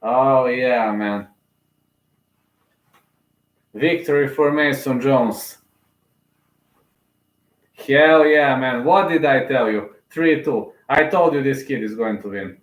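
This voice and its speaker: A man streaming his own live commentary on a fight. He calls each strike with fervent, partisan energy and cheers his fighter on. His mid-pitched voice rings in an echoey room. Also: slow pace. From Serbia.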